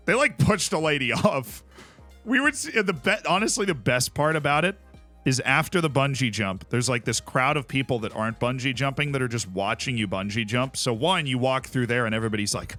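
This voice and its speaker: A man streaming a game, telling stories in a casual, animated way and laughing often. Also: mid-range voice, normal speed, soft background music. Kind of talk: casual chat while playing a game.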